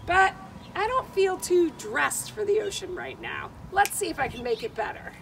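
Playful, high-voiced woman art teacher. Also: sing-song, moderate pace, vocal fry, distant mic, very noisy. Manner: playful and theatrical, talking to children. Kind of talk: children's video lesson.

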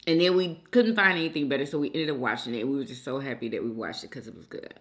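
A woman's voice: extremely low pitch, fast talker. A young adult woman hosting a mukbang, chatting casually to her viewers while she eats and calling them y'all. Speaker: mukbang host. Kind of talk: casual chat while eating.

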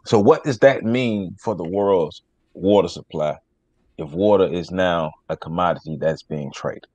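Brief: low-voiced male podcast host, dry close sound, easygoing delivery. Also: a little slow, a little mellow, slightly rough, dry recording, dull audio. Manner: laid-back, reads news aloud. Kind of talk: casual podcast talk.

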